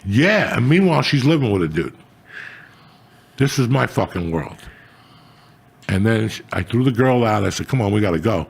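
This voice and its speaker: Older man, raspy and gravelly, lively swearing storyteller on a talk show. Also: mid-range voice, moderate pace, pauses often. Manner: swearing, animated, rising to loud outbursts. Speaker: comedian, show guest. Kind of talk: profane storytelling chat.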